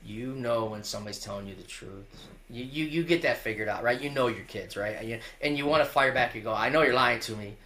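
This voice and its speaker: Bright-voiced middle-aged male coach, earnest. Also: medium pitch, fast talker. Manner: earnest, restarts often, tags lines with "right?". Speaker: wrestling coach, interview guest. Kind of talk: candid interview storytelling.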